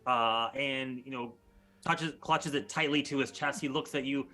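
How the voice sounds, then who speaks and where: A man's voice: medium pitch, unhurried, pushed and bright, faint music behind. A man running a tabletop game as game master, narrating casually with many fillers.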